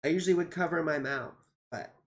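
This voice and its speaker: An American astrologer in her forties does live chart readings on a livestream, her low voice moving at a quick pace. Goofy and rambling, she swears freely and comes across tired, yawning, and a bit out of it.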